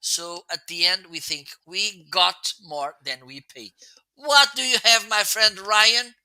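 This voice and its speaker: Slow-talking, bright-voiced man with an accent. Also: high-pitched, clear, resonant tone, no room sound. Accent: Italian or Portuguese-sounding. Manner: chatty, laughs often while showing gear. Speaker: live shopping show host. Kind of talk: casual live-stream product demo.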